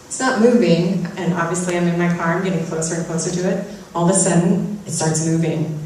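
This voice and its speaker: Speaking to an audience with a brisk, steady delivery, this woman has a low, somewhat dark voice and offers an inspirational spiritual talk built on personal stories and self-deprecating humor. She is far from the mic in a very echoey room, with slight background noise.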